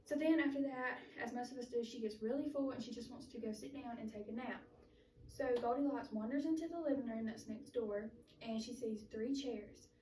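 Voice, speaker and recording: A young woman retells a fairy tale in a relaxed, chatty way, stringing clauses together with "so" and "like." Her voice is mellow and fairly high. She is recorded from across a roomy space, with faint noise behind her. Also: far from the mic. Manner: chatty, loose retelling full of "so" and "like". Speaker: student giving a speech. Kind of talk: casual storytelling speech.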